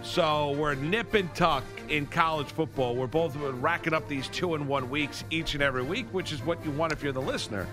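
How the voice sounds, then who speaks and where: A man's voice: on the high side, moderate pace, hardly any pauses, over music. A man co-hosting a sports radio show, chatting casually and teasing his partner, then running through football picks.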